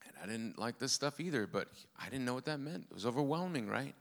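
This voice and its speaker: A man's voice: medium pitch, animated, fast talker, vocal fry. Earnest man telling his testimony. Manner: earnest storytelling with self-deprecating humor. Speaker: preacher. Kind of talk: testimony sermon.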